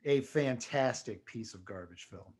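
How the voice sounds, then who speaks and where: A man's voice: mid-range voice, a little slow, darkish tone, breathy edge. A man co-hosting a podcast, wry and sardonic in casual chat.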